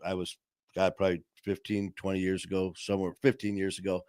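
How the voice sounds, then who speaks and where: A man's voice: deep voice, flat delivery, fast, a little mellow, clear, resonant tone, no echo, clean studio sound. A middle-aged man hosting a podcast, telling stories in casual chat and laughing often. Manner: storytelling, laughs often, acts out voices in anecdotes. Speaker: podcast host.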